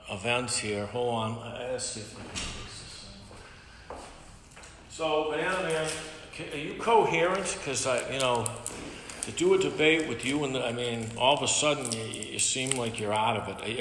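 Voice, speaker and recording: A man hosting a live stream, exasperated, shouting for an answer and muttering curses under his breath. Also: medium pitch. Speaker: stream host. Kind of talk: casual live-stream comedy bit. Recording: echoey room with long reverb, faint hiss.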